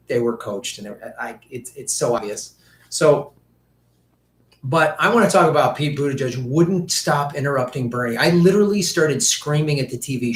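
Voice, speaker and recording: A man ranting through casual political commentary, profane and mocking, slipping into quick impressions of politicians. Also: medium pitch, roomy sound.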